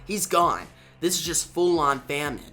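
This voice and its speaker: Bright-voiced man recapping a comic. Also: on the high side, animated, measured pace, soft background music. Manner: loose retelling, starts most lines with "now". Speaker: comic book reviewer. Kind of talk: casual comic recap narration.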